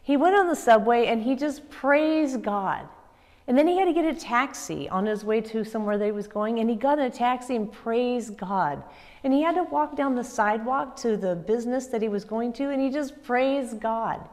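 A woman children's pastor giving a kids' church lesson, upbeat and expressive as she tells stories to children. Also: on the high side, moderate pace. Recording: echoey room with long reverb.

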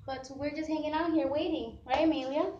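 A woman's voice: high-pitched, steady tone, a little fast, mellow, dull audio. A woman filming a casual family vlog at a park, chatting with her kids and laughing often as she narrates. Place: outdoors at a park and walking home. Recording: noisy outdoor camera recording. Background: outdoor ambience.

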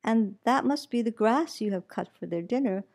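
A soft-spoken, kind male hermit, read by a woman in a mellow, warm voice. He speaks quietly and reassuringly, with gentle patience. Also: on the high side, animated, moderate pace.

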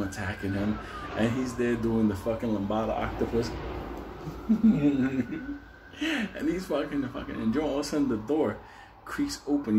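Man, comic storyteller, profane, laughing, average pitch, faint background noise. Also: mellow. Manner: profane, chuckling through his story.

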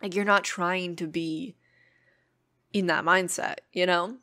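A woman's voice: on the low side, steady tone, slow pace, sharp tone. A young adult woman hosting her own podcast, talking earnestly and reflectively in a casual, rambling way with many filler words. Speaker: podcast host. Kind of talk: casual solo podcast talk.

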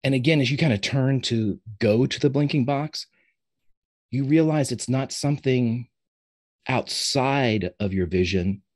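A man narrating as game master of a tabletop role-playing game, slowing down for dramatic reveals. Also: mid-range voice, a little mellow.

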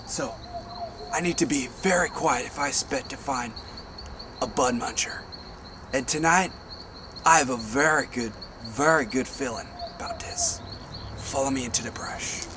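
A man playing an overblown wildlife explorer in a comedic mock nature documentary, talking with excitable bravado outdoors in the brush. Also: medium pitch, measured pace, pauses often, noisy background. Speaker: spoof wildlife explorer host.

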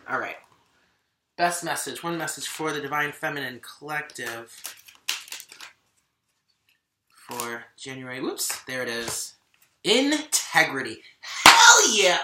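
A woman's voice: a bass voice, roomy sound, background noise. A woman giving a casual tarot card reading to camera, emphatic and fired up, repeating lines for stress and dropping slang.

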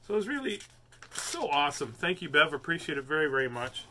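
An older man reads picture books aloud to a live audience, joking and chatting between pages. His voice sits fairly high and rings bright, swinging up and down with lively expression. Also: brisk, a little hiss or hum. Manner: playful, chatty, easily amused. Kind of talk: live read-aloud stream.

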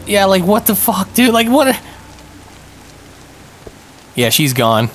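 A young man giving live commentary on a multiplayer game, excitable and panicky, yelping and throwing in a lot of slang. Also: high-pitched, slow pace, a little hiss or hum. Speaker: gaming streamer.

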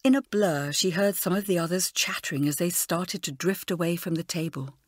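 A woman narrating a children's storybook in an expressive, animated way. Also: lowish voice, normal speed, no room sound, clean studio sound. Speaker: audiobook narrator.

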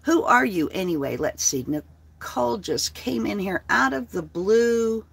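A woman's voice: mid-range voice, expressive, measured pace, vocal fry, slightly rough. A woman talking on her own livestream, blunt and heavily profane. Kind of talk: casual livestream talk.

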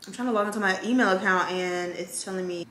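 In her home vlog, a young woman chats quickly with viewers she addresses as "y'all." Her medium-pitched voice is fairly bright, and the recording carries a little hiss or hum along with echo and kitchen noise.

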